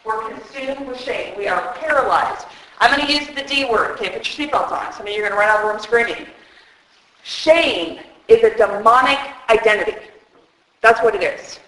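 Middle-aged woman preacher, high voice, animated and humorous, booming echo of a large hall. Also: normal speed. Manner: animated, jokey, acts out voices. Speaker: women's speaker preaching on Genesis. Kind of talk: sermon. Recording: very echoey hall.

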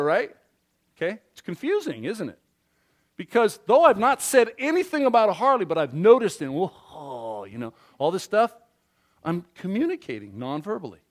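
A man preaching a sermon, animated and interactive, quizzing the congregation and acting out little scenes. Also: high voice. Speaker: pastor.

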